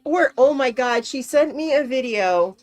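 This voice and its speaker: A woman's voice: high voice, lively intonation, unhurried, faint music behind. A young woman co-hosting a casual chat, rambling and swearing freely as she acts out quotes. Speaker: co-host.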